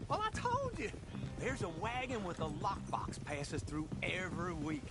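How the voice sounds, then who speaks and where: An actor playing a boastful old outlaw who talks in a folksy drawl, as a video game character. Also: male voice, high-pitched, wildly swooping pitch, a little slow, heavily acted. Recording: game audio under loud music.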